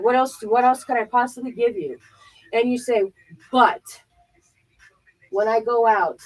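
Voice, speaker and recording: A woman giving a casual motivational talk as a tarot reader, blunt and animated, swearing freely. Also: on the high side, rough recording.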